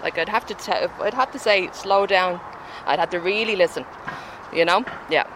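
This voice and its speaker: A woman's voice: on the low side, lively intonation, fairly quick, noisy background. A woman with a Dublin accent, chatting in a street interview and laughing often. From Ireland.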